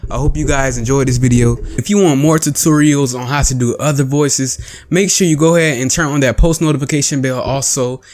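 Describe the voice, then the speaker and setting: A man talking casually as he teaches a voice trick. He goes step by step, repeats himself and fills pauses with ums. His pitch sits in an ordinary middle range. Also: fairly even intonation, darkish tone, faint music behind. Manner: chatty, repetitive, explains step by step with fillers. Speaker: voice tutorial host. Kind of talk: casual instructional talk.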